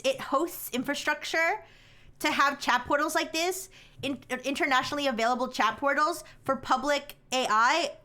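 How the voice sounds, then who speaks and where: A woman's voice: high-pitched, bright, forceful tone. A young woman chatting casually on a live stream, rambling with many restarts and frequent laughter.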